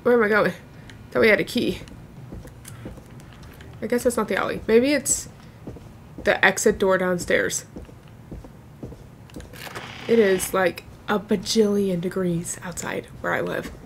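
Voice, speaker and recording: A young woman, a gaming YouTuber, gives let's play commentary on a horror game, chatting, reacting jumpily, and talking to the game. Her voice is medium-pitched and steady at a measured pace, with vocal fry and frequent pauses, and there's a little hiss or hum.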